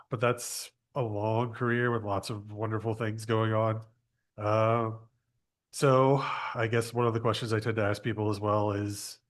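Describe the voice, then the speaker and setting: A man with a slightly low voice who hosts a casual interview. He asks long, friendly questions. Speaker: podcast host, interviewer.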